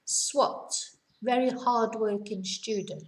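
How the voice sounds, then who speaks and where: A woman leads a vocabulary lesson at an unhurried pace. Her voice sits a touch high and she explains each term patiently with examples. The recording has a noticeable roomy echo. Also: fairly even intonation. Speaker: English teacher.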